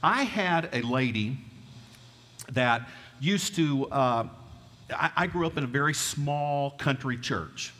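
A man's voice: mid-range voice, slow, fairly bright tone. A middle-aged man with a Southern US twang, preaching a folksy storytelling sermon and asking the congregation questions. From American South. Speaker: pastor. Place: church sanctuary. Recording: reverberant church hall.

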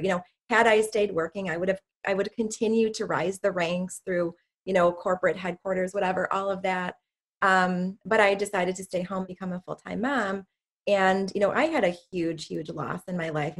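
Middle-aged woman, podcast host, earnest, repeats herself, somewhat low voice. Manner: earnest, repeats words as she builds a thought. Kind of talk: casual interview chat.

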